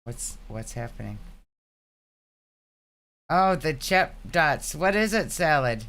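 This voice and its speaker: A woman co-hosting a stream, cracking teasing jokes in a slow drawl. Her voice sits low, but it swings widely in pitch when she reacts. She talks in a relaxed, unhurried way. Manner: teasing, quick quips. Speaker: co-host of a stream. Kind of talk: casual stream chat.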